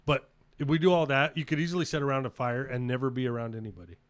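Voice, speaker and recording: A man's voice: mid-range voice, fast, no room sound. A man co-hosting an off-road podcast in casual, blunt chat, swearing easily and telling stories. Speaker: podcast co-host.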